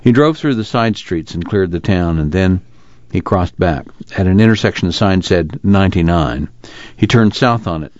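A man narrating a novel aloud for a radio reading service, steady and measured. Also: sits low, no echo. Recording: dry, slightly muffled studio recording.

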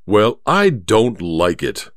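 A man's voice: on the low side, big pitch swings, slow, fairly bright tone, no room sound, clean studio sound, voice pushed down, heavily acted. A man reading an earnest, worried loyal friend. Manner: earnest, alarmed pleading. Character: anxious, earnest male companion, loyal and scrupulous.

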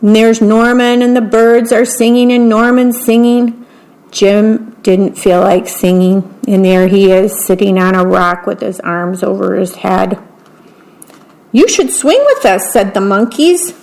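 A woman reading a picture book aloud, describing each picture in a gentle, deliberate way. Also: medium pitch, steady tone, rough recording. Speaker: storybook reader.

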